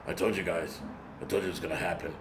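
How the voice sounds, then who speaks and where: A man mockingly impersonating a wild-eyed male survival vlogger, speaking in a low, hushed, ominous delivery. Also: fairly even intonation, fast, slight background noise, close to an everyday voice.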